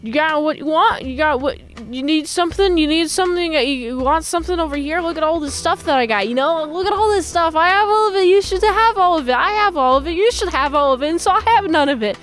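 A woman putting on the voice of a pushy male street peddler with a repetitive sales pitch. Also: fast, hardly any pauses, a bit bright. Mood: hawking.

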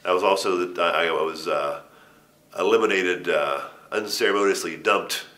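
In an interview, a wrestler in middle age spins a laid-back story, cursing often, laughing, and stumbling into restarts. He speaks at a moderate pace in a low voice with a sharp tone.

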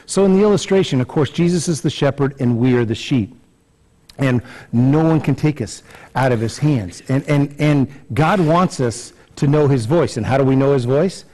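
A man's voice: mid-range voice, normal speed, warm tone. A man preaching a conversational sermon in church, with many fillers and repeated words, acting out little scenes in a raised voice. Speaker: pastor.

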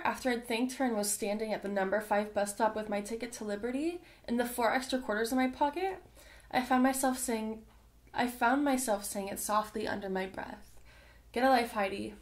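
A woman's voice: on the high side, a little fast. A woman reading a novel aloud as the regular reader of her channel, dropping in chatty asides between passages. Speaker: audiobook reader.

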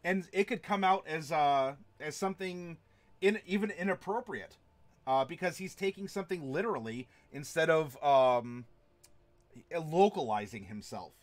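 Chatty game master with a higher voice. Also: male voice, lively intonation, normal speed. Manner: chatty, laughs often, many fillers and restarts. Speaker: game master and streamer teaching villain creation. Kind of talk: casual instructional talk to a live chat.

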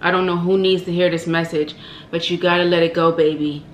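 A woman's voice: fairly low pitch, little pitch movement, a little fast, echoey room, slight background noise, low-quality recording. A woman vlogger speaking straight to her viewers with heartfelt encouragement, repeating phrases for emphasis and calling them baby and honey. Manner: impassioned and repetitive, preacherly, calls listeners baby and honey. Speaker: mukbang vlogger. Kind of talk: heartfelt direct-to-camera encouragement.

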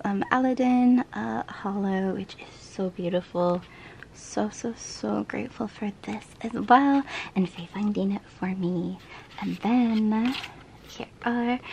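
Gushing, excitable woman vlogger. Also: medium pitch, a little hiss or hum. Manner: gushing and excitable, laughs often; chatty, many fillers and tag questions. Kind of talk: casual haul chat.

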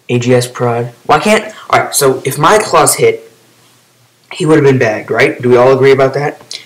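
A man's voice: medium pitch, normal speed, poor audio. Rambling young man commenting on gameplay. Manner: rambling, excitable outbursts, then trailing off quietly. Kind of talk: casual game commentary.

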